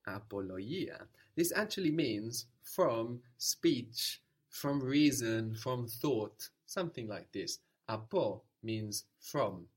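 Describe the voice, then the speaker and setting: A man's voice: mid-range voice, lively intonation, slow, few pauses, slightly rough. A man teaching a language lesson, patiently prompting, repeating answers and explaining where words come from.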